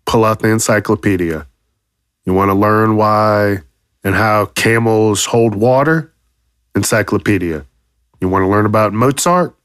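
A man hosting a podcast, delivering a profane comedic rant with loud, exaggerated outrage and plenty of swearing. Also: on the low side, dry recording, clean studio sound. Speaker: podcast host.

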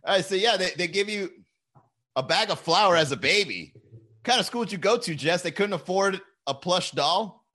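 Young man, casual streamer; animated pitch, bright tone, profane and jokey. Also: normal speed. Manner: loose, profane storytelling with frequent laughs. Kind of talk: casual live-stream chat.

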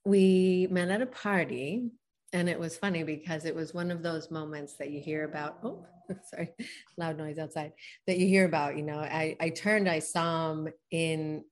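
A woman's voice: deep voice, steady tone, moderate pace. A woman guest telling a personal story in a conversation, earnest and reflective, laughing often and saying "like" a lot.

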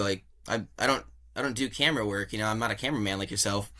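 Young male guest, bright voice; animated, chatty anecdote teller who acts out dialogue. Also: on the low side, quick pace. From California. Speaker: podcast guest. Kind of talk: casual storytelling interview.

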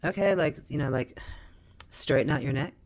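A man's voice: fairly high pitch, normal speed, pitched above the performer's own voice, close to an everyday voice. A whiny, squeamish young woman recoils in disgust, her voice lifted well above a man's normal register as a man acts her out. She complains in a thin, put-upon tone. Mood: grossed out.

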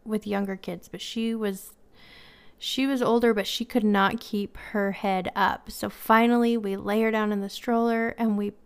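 A woman's voice: mid-range voice, steady tone, unhurried, clean tone. A woman and mother hosting a podcast, telling stories in a chatty way and laughing often. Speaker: podcast host. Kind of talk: casual storytelling.

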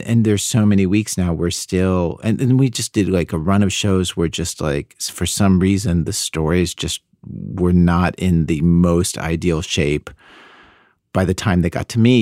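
A middle-aged man talking candidly as an interview guest, halting with many restarts. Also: low-pitched, darkish tone, dry recording, studio quality. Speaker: radio show host, interview guest. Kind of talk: conversational interview.

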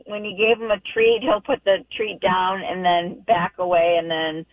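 A woman's voice: fairly low pitch, flat delivery, moderate pace, no echo. Woman calling in over a tinny phone. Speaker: caller. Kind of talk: casual phone call.

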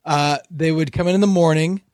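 Animated, slightly high-pitched storyteller man. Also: brisk, no echo, clean studio sound. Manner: animated anecdote-teller. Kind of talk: casual chat, storytelling.

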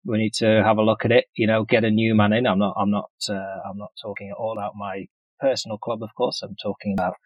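A man's voice: fairly low pitch, flat delivery, fast, dry recording, narrow, tinny audio. A man co-hosting a casual chat, talking in dry, wry banter. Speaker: podcast co-host. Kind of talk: casual chat about fantasy football.

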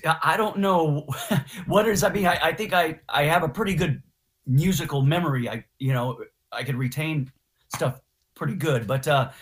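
A guitarist guest telling stories in a casual interview, slangy and animated, acting out what others said. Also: male voice, a little high. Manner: animated storyteller, slangy, acts out quotes. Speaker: guest musician.

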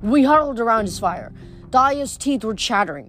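A woman's voice: a little high, lively intonation, moderate pace, fairly bright tone, soft background music. A woman reading a novel aloud in a plain voice, with small stumbles and self-corrections. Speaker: audiobook reader.

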